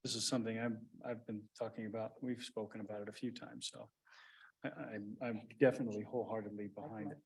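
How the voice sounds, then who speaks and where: A man's voice: fairly low pitch, level tone, quick pace, slightly rough. A man chairing a small-town board meeting, running motions and roll calls in an easygoing way. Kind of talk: meeting procedure.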